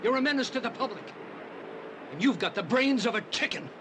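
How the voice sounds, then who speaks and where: An actor dubbing a rude, loudmouthed driver who yells insults in traffic. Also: male voice, very high voice, expressive, a little fast. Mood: angry. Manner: yelling, insulting. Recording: film clip with street noise.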